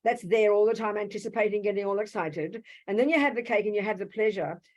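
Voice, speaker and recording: A woman's voice: medium pitch, quick pace, a little mellow, low-quality recording. An Australian woman teaching a Buddhist class, blunt and direct, calling listeners sweetheart and darling. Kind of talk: teaching a live Q&A session. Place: meditation hall with an audience. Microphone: handheld microphone.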